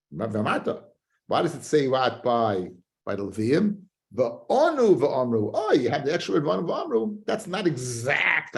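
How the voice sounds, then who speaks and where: Creaky-voiced rabbi teaching Talmud. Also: male voice, medium pitch. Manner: animated, chanting study singsong with frequent restarts. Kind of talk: Talmud class.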